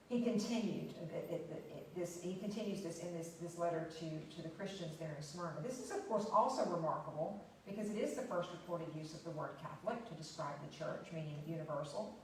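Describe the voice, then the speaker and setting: A woman's voice: on the low side, a little fast, few pauses, a little mellow, slight background noise. A woman giving an unscripted church history talk, stressing key words, with fillers and restarts. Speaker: lecturer. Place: church hall. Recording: very echoey, distant room recording.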